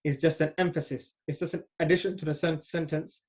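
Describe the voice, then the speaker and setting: A man's voice: fairly high pitch, flat delivery, a little fast. A man teaching an Arabic grammar class, patient and often checking understanding. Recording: dull lo-fi audio.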